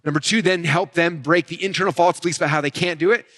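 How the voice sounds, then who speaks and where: A man giving an energetic marketing talk on stage, walking listeners through his method and often checking in with "right?" and "okay?". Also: on the high side, quick pace. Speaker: marketing speaker.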